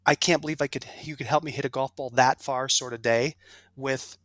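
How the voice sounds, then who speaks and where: Podcast guest, male, bright forceful delivery, emphatic and upbeat, dry mic. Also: medium pitch, fairly even intonation, brisk, no echo. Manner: enthusiastic, emphatic, salesy asides. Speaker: guest, golf industry executive. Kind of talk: casual podcast interview.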